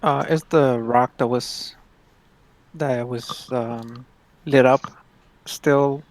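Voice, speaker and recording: A man's voice: medium pitch, fairly even intonation, drawn-out words, no echo. A man with a mid-range voice plays a tabletop game. He speaks hesitantly and pads his questions with fillers, recorded dry with no room sound. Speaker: player. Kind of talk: casual tabletop game chat.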